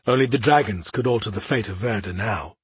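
A man narrating a fantasy audiobook in a steady, measured reading style. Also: lowish voice, husky, no room sound.

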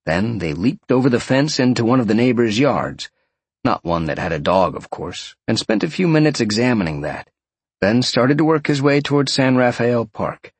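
A man narrating an audiobook in a lively storytelling way. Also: mid-range voice, moderate pace, breathy edge, dry recording.

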